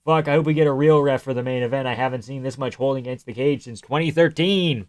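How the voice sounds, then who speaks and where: A man's voice: medium pitch, quick pace, few pauses, a little mellow, dry recording, studio quality. A man hosting a live stream, casually and profanely analyzing fights and answering chat questions.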